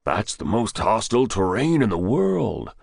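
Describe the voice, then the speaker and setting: A blunt, gruff officer speaks plainly, as a male narrator puts him on. The voice is deep and dry. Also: very animated, unhurried, a little mellow, no room sound, full character voice.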